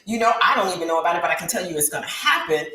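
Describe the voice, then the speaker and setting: A woman's voice: on the low side, lively intonation, very fast, pushed and bright. A woman in her thirties giving an impassioned testimony in an interview, with a preacher-like rise and fall. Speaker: guest talk show host. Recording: roomy echo with faint background hiss.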